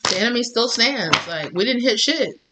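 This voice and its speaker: A woman's voice: fairly high pitch, animated, moderate pace, heavy background noise. A woman giving a chatty, blunt tarot reading, swearing freely and laughing often. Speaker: tarot reader.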